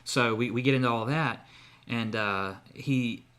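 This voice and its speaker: A man's voice: medium pitch, measured pace, a bit bright, clear, resonant tone. A man co-hosting a podcast, telling a long story in casual chat with many fillers and restarts. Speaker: podcast co-host.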